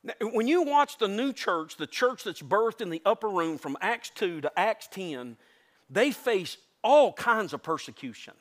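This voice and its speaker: A preacher from delivers a sermon to his congregation in a high, ringing voice. His pitch swoops up and down as he stirs the crowd. He mixes fervor with jokes and stumbles into quick restarts as he presses his point. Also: very animated, fairly bright tone. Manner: impassioned, joking, repeats and restarts words. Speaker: pastor. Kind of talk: lively Southern revival sermon. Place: church sanctuary before a congregation.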